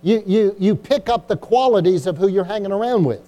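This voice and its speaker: In church, a middle-aged male pastor preaches with a high, warm voice at a slightly fast pace. He exhorts and repeats himself, often asking the congregation "Amen?" and urging "Come on."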